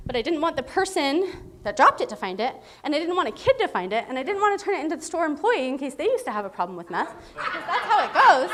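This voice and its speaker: A woman's voice: high-pitched, big pitch swings, quick pace, hardly any pauses, a bit bright. A woman in her thirties sharing her personal recovery story at a meeting, candid and emotional, laughing often as she talks. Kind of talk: personal testimony.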